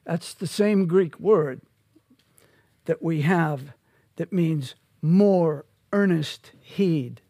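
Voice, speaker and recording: High-pitched pastor guy preaching real slow, dry close sound. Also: no echo. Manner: slow, emphatic preaching with sudden loud peaks. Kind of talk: expository sermon.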